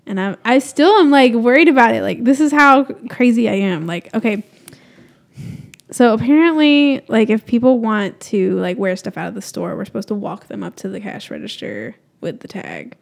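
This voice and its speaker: A woman's voice: a little high, sing-song, moderate pace, gravelly. A young woman, a podcast guest, talking casually in a rambling way full of "like" fillers. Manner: rambling, filler-heavy, "like"-laden talk.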